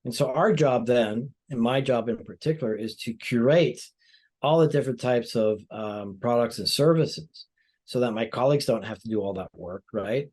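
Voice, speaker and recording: Man explaining at length, measured. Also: medium pitch, darkish tone, slightly rough. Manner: explanatory, measured, frequent "you know" fillers. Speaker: plastic surgeon guest. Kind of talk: interview answers.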